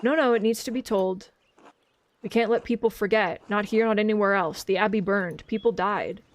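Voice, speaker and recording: A woman reading the lines of a grieving elderly father and widower in a game, in a slow, sorrowful storytelling manner. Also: mid-range voice, natural voice. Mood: earnest.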